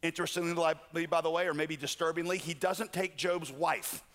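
A man's voice: a little high, fairly even intonation, normal speed, a bit bright, a little hiss or hum. A man preaching a sermon, telling stories with joking asides. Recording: long hall reverb.

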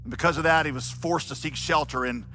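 A preacher man with a bright, forceful voice that sits a little high. He preaches with drama and swells into loud, pleading calls. Soft music plays under him. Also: fast talker. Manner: dramatic, rising to shouts when quoting. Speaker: pastor. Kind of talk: sermon.

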